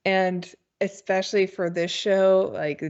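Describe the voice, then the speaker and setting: A woman's voice: mid-range voice, little pitch movement, slow, darkish tone, clean tone. A woman co-hosting a TV review podcast, speaking casually and a little hesitantly, often laughing as she critiques. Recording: dull lo-fi sound.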